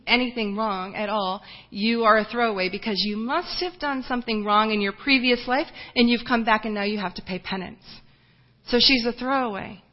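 A woman giving a lively personal ministry report to her home church, telling stories with many restarts and fillers. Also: a little high, big-room sound, dull audio.

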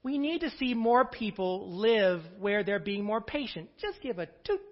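Male pastor delivering a lively sermon, swinging pitch, recorded dull and muffled in a church. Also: a little slow, long reverb tail. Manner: preacher's call-and-response.

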